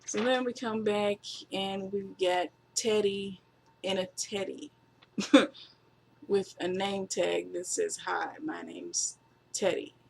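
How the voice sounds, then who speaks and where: Gravel-voiced casual wrestling reviewer. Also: medium pitch, level tone, takes it slowly, slight background noise. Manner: rambling, offhand, with fillers and laughs. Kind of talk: casual spoken recap.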